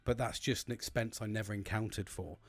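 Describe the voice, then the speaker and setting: A man's voice: on the low side, steady tone, brisk, no echo. Blunt, sweary British man. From United Kingdom. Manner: blunt, sweary and rambling, with frequent restarts; gets emphatic and preachy when giving advice. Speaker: vlogger. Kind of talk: candid personal monologue.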